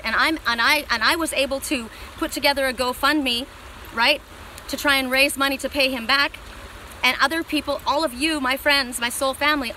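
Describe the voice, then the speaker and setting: A woman's voice: sits high, bright, forceful tone, a little hiss or hum, rough recording. A middle-aged woman giving a spiritual oracle card reading, talking in a rambling, heartfelt and emotional way.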